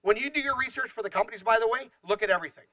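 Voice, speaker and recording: A middle-aged man giving an energetic motivational seminar talk, addressing the audience directly and acting out little dialogues. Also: very high-pitched, rapid-fire, rough recording. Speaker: seminar speaker.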